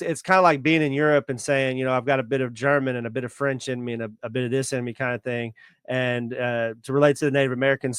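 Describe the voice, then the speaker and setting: Smooth-voiced man explaining local history. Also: mid-range voice, no room sound, studio quality. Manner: hesitant, many fillers and restarts. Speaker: podcast co-host.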